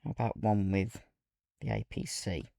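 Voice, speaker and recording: A man giving relaxed, musing commentary while playing a train simulator, talking to himself between pauses. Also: low voice, creaky, dry recording, clean studio sound. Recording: loud game engine and rail noise over the voice. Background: loud simulated locomotive and ambient game sounds.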